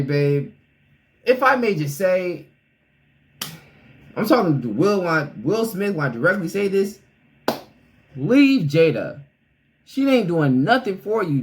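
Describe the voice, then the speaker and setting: A man's voice: fairly high pitch, big pitch swings, takes it slowly, long pauses, low-quality recording. A man hosting a casual reaction video, blunt and opinionated, talking straight to the person he reacts to.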